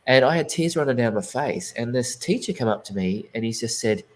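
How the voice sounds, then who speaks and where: A man's voice: medium pitch, expressive, fairly quick, hardly any pauses, rough recording. A man, a guest psychic medium, telling his story in a casual interview, earnest and rambling with many restarts.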